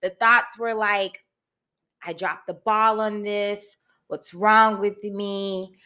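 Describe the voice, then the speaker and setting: A young woman hosting a podcast, telling a personal story candidly and expressively, calling her listeners "y'all" and breaking into loud, laughing outbursts. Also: mid-range voice, fairly even intonation, takes it slowly, clean tone. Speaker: podcast host.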